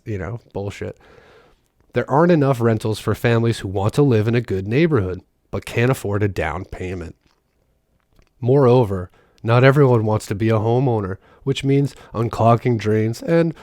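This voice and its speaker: A man's voice: on the low side, a little mellow, no room sound, studio quality. A man reading a news article aloud and breaking off for sarcastic commentary. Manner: sarcastic, breaks off to mock the text. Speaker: political commentator.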